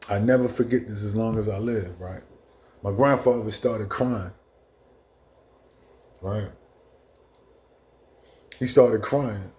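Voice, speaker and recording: A man in his fifties, a show host, telling a personal story in a casual, profane way with halting restarts. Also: on the low side, darkish tone.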